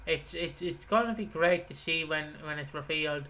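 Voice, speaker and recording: Bright, rambling male podcast co-host. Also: on the high side. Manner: rambling, halting, sweary. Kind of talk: casual chat.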